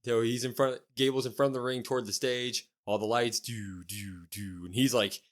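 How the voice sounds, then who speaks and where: A man's voice: medium pitch, fairly even intonation, fairly quick, smooth. A male podcast co-host tells a story in a loose, slangy play-by-play. His voice sits in an ordinary middle register, and the chat stays casual and easygoing. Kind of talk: casual chat recapping a wrestling show.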